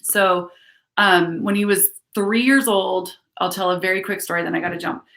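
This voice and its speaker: A woman's voice: on the low side, steady tone, normal speed, gravelly, a bit bright. A woman hosting a casual live stream, talking frankly and swearing freely as she rambles through a personal story.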